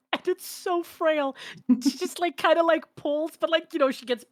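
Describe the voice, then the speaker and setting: A woman's voice: very high voice, normal speed, dry recording, clean studio sound. A woman playing a tabletop game, describing her little creature in a playful, giggly way. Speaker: player. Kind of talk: casual tabletop play.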